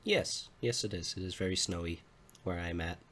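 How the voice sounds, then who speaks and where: A man co-hosting a casual podcast with friends, stuffed up from a cold and talking in a low-key, laid-back way. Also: normal speed, a bit bright, a little hiss or hum. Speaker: podcast co-host. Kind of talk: casual chat among friends.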